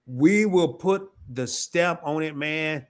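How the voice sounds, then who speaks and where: Guy running a laid back live stream, kinda high voice, rambles and repeats stuff, laughs a lot. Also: slow pace. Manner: loose, talkative, repeats himself, bursts into laughter. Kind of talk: casual live stream chat.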